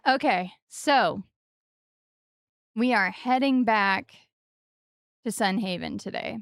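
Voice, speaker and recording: A woman in her forties chats casually on a game stream, close on the mic in a dry, deadened room. Her voice is smooth and clear, and she playfully leaps into high, sing-song stresses on the wrong syllables. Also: takes it slowly, dry recording. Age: 40s.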